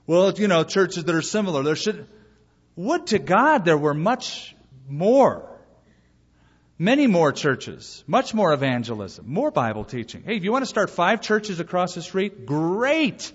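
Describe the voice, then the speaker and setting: A male pastor delivers a sermon with a husky, fairly high voice that swings widely in pitch. He acts out short bits of dialogue as he preaches. The recording is muffled, and his voice carries a long hall reverb. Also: unhurried. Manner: lively preaching, acting out dialogue. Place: church sanctuary.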